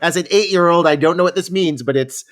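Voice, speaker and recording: A man's voice: fairly high pitch, fast. A man co-hosting a film podcast, joking and self-deprecating in casual chat. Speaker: podcast co-host.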